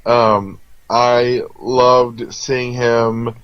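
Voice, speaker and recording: As co-host of a movie review, a man chats casually, drifting between thoughts with many ums and restarts. His middle-pitched voice is smooth and flat, with drawn-out words, and the recording is dull, lo-fi, dry, and close with no room echo.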